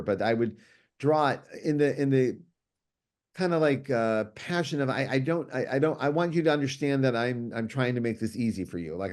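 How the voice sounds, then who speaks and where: Middle-aged man, comics writer guest, casual storytelling, animated, frequent restarts, mid pitch. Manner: animated, fast, many restarts and fillers.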